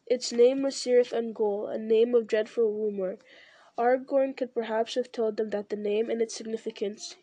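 A woman reading a novel aloud at a steady pace, with occasional slips and restarts. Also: fairly high pitch, no room sound. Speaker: reader.

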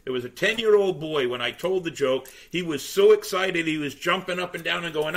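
A man with a bright, slightly high voice who tells a story with real verve. He acts out every line of dialogue as he chats casually on a podcast. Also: normal speed. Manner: animated storyteller, acts out quotes. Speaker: pirate museum tour guide and entertainer.

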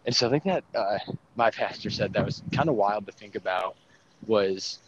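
A man's voice: lowish voice, moderate pace. A young man in casual faith conversation, talking animatedly with many fillers and laughs, outdoors near traffic. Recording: dull lo-fi sound with faint traffic noise.

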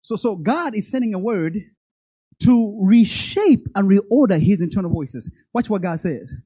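Animated preacher with stammering repeats. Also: mid-range voice, unhurried, husky, dry recording. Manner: animated, stammers and repeats words, laughs between lines; speaks directly to the congregation, acting out God's voice. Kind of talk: sermon.

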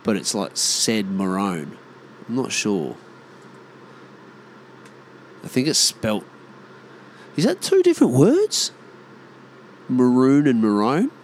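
A man in his thirties speaks in a broad Australian accent, rambling through a loose solo monologue and swearing often. His voice sits on the lower side, and a faint hum runs behind him. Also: wildly swooping pitch, takes it slowly, pauses often. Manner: swears freely, mimics mates in exaggerated voices. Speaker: vlogger.

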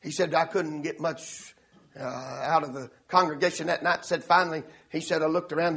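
A male preacher telling a story in a sermon, swelling into shouts and laughter. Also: on the high side, normal speed.

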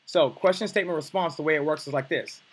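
Husky guy coaching dating stuff, talks super fast, blunt and sweary. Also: a little high, poor audio. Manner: blunt, profane, emphatic. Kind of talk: coaching lesson.

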